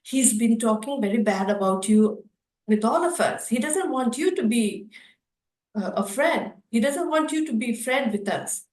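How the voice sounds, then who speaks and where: A woman storyteller voicing a kind, motherly female cow in a children's tale, speaking gently and coaxingly. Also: a little high, lively intonation, unhurried, roomy sound, far from the mic.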